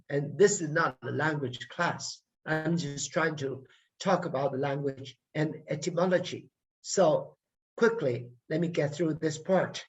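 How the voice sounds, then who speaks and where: A man teaching a language workshop online, deliberately drilling each sound and repeating words for learners. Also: fairly high pitch. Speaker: language lecturer. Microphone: video call. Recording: muffled video call audio.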